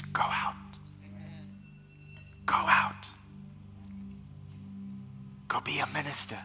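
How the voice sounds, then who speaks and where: Man, pastor, lively sermon, bright voice, slightly high pitch, soft music underneath. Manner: animated preaching, mimicking voices.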